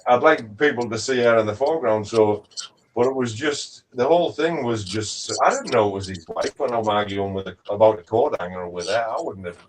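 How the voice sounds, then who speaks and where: A man telling a lively anecdote in a casual chat, acting out the voices he quotes. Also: fairly low pitch, a little fast. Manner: animated, acts out quoted voices. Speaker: guest crew member. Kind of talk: casual storytelling. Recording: distant mic with faint noise.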